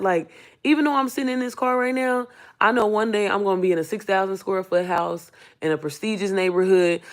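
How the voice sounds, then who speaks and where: A woman talks straight to her viewers in a loose live-stream Q&A, her voice hoarse and worn. She rambles, circles back, and speaks from the heart, often near tears. She keeps calling the audience y'all and sis. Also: mid-range voice, fairly bright tone. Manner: emotional, close to tears. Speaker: online business coach.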